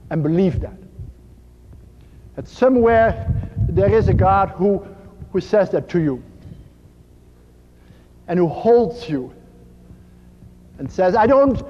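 High-voiced man preaching slow and earnest, old dull recording, long hall echo. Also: expressive. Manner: slow, earnest, drops to a soft hush on key phrases. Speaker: priest and spiritual speaker. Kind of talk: sermon.

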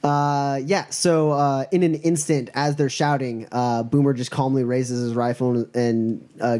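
A man narrating a tabletop role-playing session as game master, pitched in an ordinary middle range. He talks in a halting way, stopping often on filler sounds while he works out the scene. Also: warm tone.

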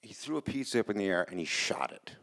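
A man's voice: lowish voice, sing-song, quick pace, a bit bright. A man telling a personal story live on stage in a casual, rambling way, swearing and restarting his sentences. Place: small hall in front of a live audience.

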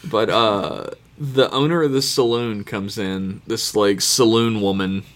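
A man co-hosting a podcast in casual, profane chat. He swears freely and acts out characters in quick asides while recapping. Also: on the low side, fairly even intonation. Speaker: podcast co-host recapping episodes.

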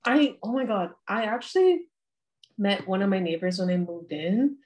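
A woman's voice: medium pitch, expressive, normal speed, darkish tone. A young woman chatting casually as a podcast co-host, rambling with many fillers and frequent laughs. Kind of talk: casual chat.

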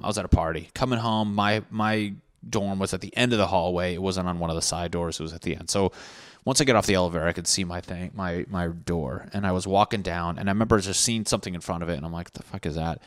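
Young guy, very low voice, dry room, crude storyteller who swears a lot and rambles. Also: no echo. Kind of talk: casual storytelling monologue.

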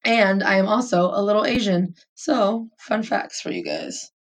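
A woman's voice: medium pitch, wildly swooping pitch, measured pace, far from the mic. A young woman chatting casually as a co-host, wandering through her story with plenty of "um"s and "like"s and easy giggles. Her voice sits a little back from the mic. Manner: rambling, giggly, lots of fillers. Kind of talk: casual chat.

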